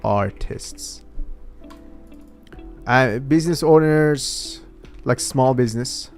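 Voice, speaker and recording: A man talks slowly to himself as he drafts his ideas, hesitant and trailing off between words. His voice sits at an ordinary middle pitch. Faint music plays behind him. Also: gravelly. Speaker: vlogger. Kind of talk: casual thinking aloud.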